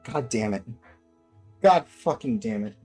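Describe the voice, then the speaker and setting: A young woman streamer giving casual gameplay commentary at her home desk, swearing a lot and turning panicky and excitable. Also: extremely low pitch, measured pace, husky, soft background music. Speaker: gaming streamer.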